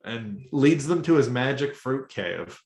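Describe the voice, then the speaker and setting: A man's voice: medium pitch, lively intonation, measured pace, a little mellow. A man co-hosting a casual podcast, laughing often and quoting cartoon lines. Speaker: podcast co-host. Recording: roomy echo.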